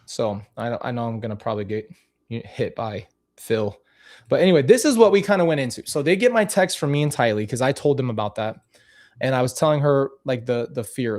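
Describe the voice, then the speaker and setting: Male vlogger, mid pitch, candid and animated, talks straight to camera with restarts; casual commentary. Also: fairly quick. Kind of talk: casual commentary on old clips.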